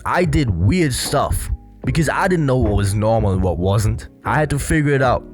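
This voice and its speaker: A man's voice: medium pitch, expressive, normal speed, faint music behind. A young man giving casual commentary as a body language coach, earnest, with many fillers. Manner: earnest, repetitive, filler-heavy explaining.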